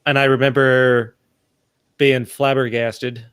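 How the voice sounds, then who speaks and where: A man's voice: mid-range voice, level tone, slow pace, fairly bright tone, smooth, no room sound. A man in his thirties co-hosting a casual movie review chat, rambling with many restarts. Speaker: podcast co-host.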